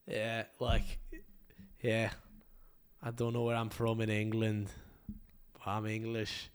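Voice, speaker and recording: A man's voice: lowish voice, monotone, takes it slowly, pauses often, clean tone. A young man hosting a podcast, ranting comedically with lots of swearing and laughter. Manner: profane, laughing, rambling. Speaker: podcast host. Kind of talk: casual comedic rant.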